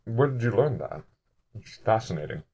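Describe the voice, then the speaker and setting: A man voicing a quiet, probing male noble who questions a stranger. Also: big pitch swings, gravelly, breathy edge, heavily acted. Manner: low, soft and measured.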